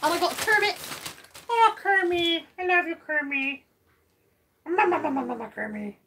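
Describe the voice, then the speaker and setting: A woman's voice: very high voice, moderate pace, noisy background, pitched above the performer's own voice. Woman putting on a squealing puppet-pig diva voice. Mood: gushing. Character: Miss Piggy-ish puppet voice with a German twang.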